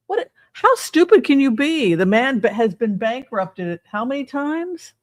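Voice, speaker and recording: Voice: medium pitch, big pitch swings, measured pace, dry recording. An older tarot reader giving a casual reading, rambling and sarcastic, swearing freely.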